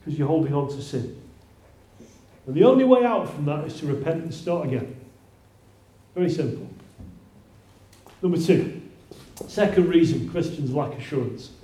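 A fairly high-pitched male preacher gives a conversational sermon and often restarts his sentences. His tone is mellow. The sound is roomy and echoing, as in a church. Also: lively intonation, moderate pace, pauses often. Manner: conversational, with many restarts and rising exclaims. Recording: roomy echo.

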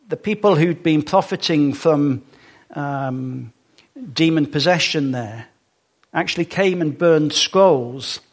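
A man giving a sermon in a conversational way, with fillers and small asides to the congregation. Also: fairly high pitch. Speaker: preacher.

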